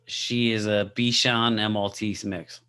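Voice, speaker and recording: A man's voice: fairly low pitch, little pitch movement, slow pace, sharp tone, clean tone. Laid-back man giving short replies. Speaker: podcast co-host. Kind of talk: casual chat.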